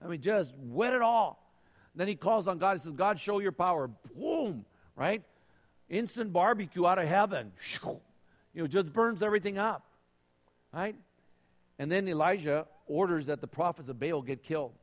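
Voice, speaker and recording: A man's voice: sits high, expressive, moderate pace, long reverb tail. A man preaching a sermon, telling a Bible story casually with many fillers and restarts, acting out the voices of its people. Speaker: pastor.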